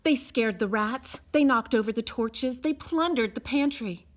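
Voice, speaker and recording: A woman reading a children's picture book aloud as a storyteller, expressive and sing-song. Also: a little high, measured pace.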